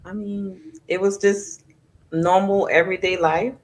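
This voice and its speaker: A woman from the Southern United States, a podcast guest talking in a soft, reflective way with many fillers. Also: mid-range voice, steady tone, moderate pace, rough recording. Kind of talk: casual conversation on a podcast.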